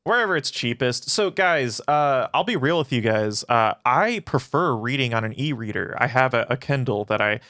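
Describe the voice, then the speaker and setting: A man's voice: medium pitch, lively intonation, moderate pace, hardly any pauses, sharp tone, dry recording, studio quality. A man casually answering chat questions on a livestream, swearing often and rambling through his answers. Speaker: philosophy channel streamer.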